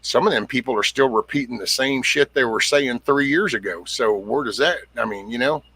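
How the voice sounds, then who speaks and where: A man's voice: mid-range voice, normal speed, sharp tone, slightly rough, no room sound. A middle-aged man hosting a casual livestream, rambling bluntly, swearing freely and greeting viewers by name. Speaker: livestream host. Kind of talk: casual livestream chat reading comments.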